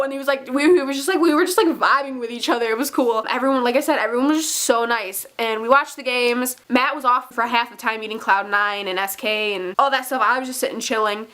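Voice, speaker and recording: A young woman chats through a casual storytime vlog. Her voice sits a little high and sounds bright and tense. She talks excitably, swears freely and fills her sentences with "like". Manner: excitable, swearing, many fillers. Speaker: vlogger.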